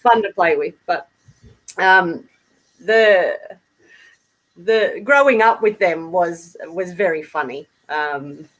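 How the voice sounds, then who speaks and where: A middle-aged Australian woman, a guest in a casual interview, talking in an easy, unhurried way with frequent ums. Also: on the low side.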